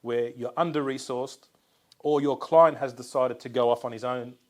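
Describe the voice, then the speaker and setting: A man co-hosting a podcast, telling lively anecdotes with laughs in casual conversation. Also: mid-range voice, normal speed. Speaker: podcast co-host.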